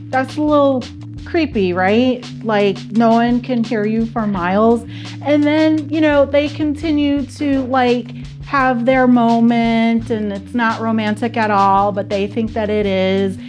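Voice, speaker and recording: A woman giving a casual, candid spoken book review, chatty and prone to repeating herself. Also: fairly high pitch.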